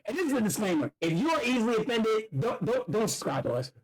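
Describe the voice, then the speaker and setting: Excitable, profane young male podcast host. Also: sits high, fast talker, slightly rough. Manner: excitable, profane, repeats words when worked up. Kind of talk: casual podcast banter.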